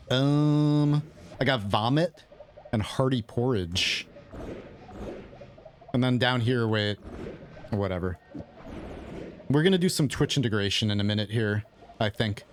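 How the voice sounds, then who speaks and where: A man's voice: medium pitch, slow, pauses often, a little hiss or hum. A man who is losing his voice, casually thinking aloud as he explains his gameplay as the host of a gaming video.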